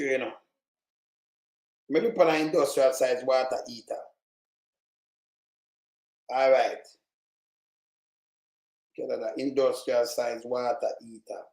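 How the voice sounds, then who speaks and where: A man with a Jamaican accent, ranting commentary on the news, heated and preachy with sudden shouts. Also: medium pitch, echoey room, poor audio. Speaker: online commentator.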